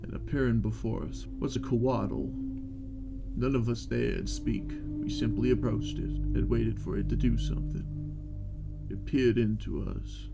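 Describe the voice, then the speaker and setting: Slow gravelly man narrating. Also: mid-range voice. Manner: slow, reflective. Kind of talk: scripted narration. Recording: narration over loud music.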